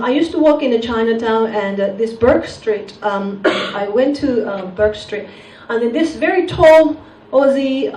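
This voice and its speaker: A woman from Japan with a Japanese accent, doing a stand-up comedy set in a deadpan manner with slightly broken English. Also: on the high side. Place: comedy club stage. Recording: echoey venue mic heard from a distance, audience noise. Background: audience laughter.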